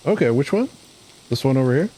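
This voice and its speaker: A man's voice: medium pitch, quick pace, breathy edge, rough recording. A man streaming a building game, talking casually and rambling with easy laughs. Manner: relaxed, rambling, laughs easily. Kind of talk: casual commentary while building.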